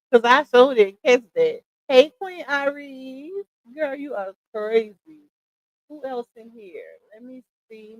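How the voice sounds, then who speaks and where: A woman's voice: high voice, dry recording, muffled recording. Chatty woman livestream host, dry close sound. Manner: chatty, warm shout-outs with laughs. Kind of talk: casual livestream chat, greeting viewers.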